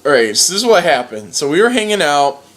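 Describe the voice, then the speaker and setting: A man hosting a casual recap chat, animated and joking, acting out characters as he talks. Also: fairly high pitch, fast. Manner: animated, acts out characters with swearing and laughter. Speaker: podcast host.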